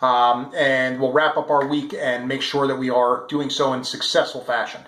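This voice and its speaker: A man's voice: mid-range voice, little pitch movement, moderate pace, a bit bright, echoey room. A man giving a daily sales coaching talk, upbeat and encouraging, with frequent filler words.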